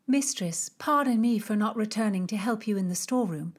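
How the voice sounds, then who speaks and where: A woman's voice: mid-range voice, animated, fairly quick, breathy edge, voice pushed up. A woman voicing a deferential, gossipy young maidservant in an audiobook. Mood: eager. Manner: deferential, chatty. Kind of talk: audiobook character reading.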